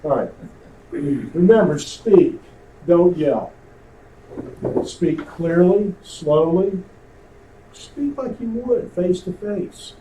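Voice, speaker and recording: A man lecturing a club class, heard from across an echoey room with a faint hiss under him. His voice sits a little high but sounds mellow and dark, and he keeps tossing questions to the audience. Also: slow pace, long pauses. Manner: conversational, asks the room questions. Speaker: amateur radio instructor. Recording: roomy, distant, faint hiss.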